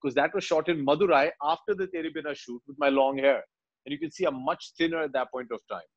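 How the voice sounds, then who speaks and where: Husky man telling a story. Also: on the high side, fast, highs cut off. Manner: animated storyteller, acts out dialogue lines quietly. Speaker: actor, interview guest. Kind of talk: conversational interview, retelling film scenes.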